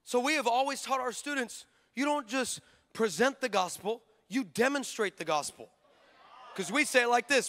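A male pastor delivers a sermon at a moderate pace in a very high-pitched voice, telling stories with lively energy. He acts out the people in his stories and breaks into shouts.

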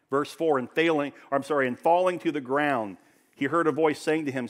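A pastor preaching a sermon in church, rising to loud emphatic peaks and dropping to hushed, low passages. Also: male voice, expressive, moderate pace.

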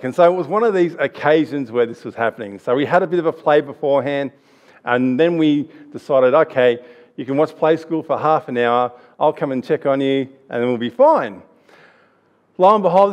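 A man's voice: on the high side, darkish tone. A man in his thirties with an Australian accent, giving a chatty, anecdotal church sermon with restarts. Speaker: preacher.

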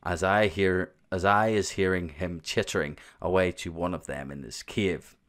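A male giant chimes in with eager, tattling glee, his grammar all bent, as a man reads the part. The voice stays low but lifts with excitement. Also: moderate pace. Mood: gleeful.

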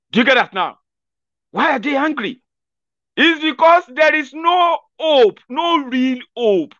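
A man with a Nigerian accent talks straight to camera in a loose, animated commentary, often slipping into other people's voices. His voice sits fairly high for a man. The recording is dry, with a slightly dull, muffled top end. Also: a little slow, dry recording. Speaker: political commentator. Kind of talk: casual commentary monologue.

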